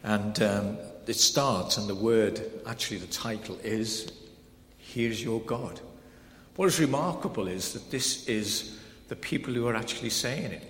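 A man preaching a sermon in a conversational, animated way, swinging between loud proclamation and soft emphasis. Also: lowish voice, moderate pace. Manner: conversational, with many fillers like "kind of, like". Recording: echoey hall with faint background noise.

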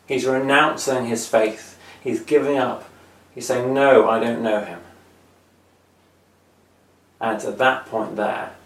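A man preaching a children's sermon, retelling a Bible story conversationally and dropping to a hush for emphasis. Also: mid-range voice, creaky, echoey room, recorded from a distance.

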